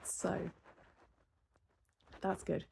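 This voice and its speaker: A woman in her thirties, from the UK, venting in a casual, exasperated monologue. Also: extremely slow. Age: 30s. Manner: exasperated, animated storytelling with laughs and sighs. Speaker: vlogger.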